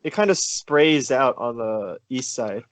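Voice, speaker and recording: A young man from Maryland, co-hosting a casual podcast chat and teasing his friends with deadpan jabs. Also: mid-range voice, measured pace, dry recording. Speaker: podcast co-host.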